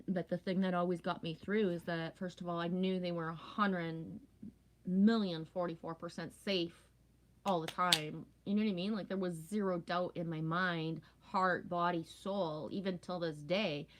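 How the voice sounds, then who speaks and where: A woman's voice: on the low side, steady tone, moderate pace. Rambling woman chatting casually with viewers. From Canada. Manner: rambling, talkative, frequent "right?" and "you know what I mean". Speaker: live stream host.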